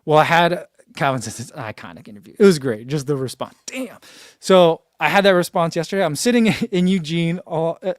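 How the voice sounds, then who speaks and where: A man's voice: a little high, brisk, hardly any pauses, dry recording, studio quality. A man in his forties hosting a casual live stream, reading viewer comments aloud and chatting with frequent laughs. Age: 40s. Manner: chatty, laughs often, reads chat aloud. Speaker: running channel host.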